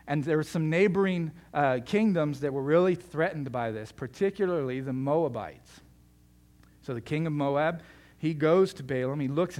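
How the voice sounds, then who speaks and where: A man's voice: a little high, darkish tone. Conversational male pastor preaching. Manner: conversational, joking storyteller. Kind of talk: sermon.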